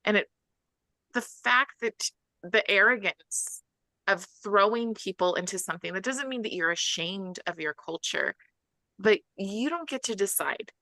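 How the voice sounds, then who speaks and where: Bright-voiced woman, dry close sound. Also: medium pitch, lively intonation, unhurried, dry recording. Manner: earnest, frequent restarts. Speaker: podcast guest. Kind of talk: casual discussion.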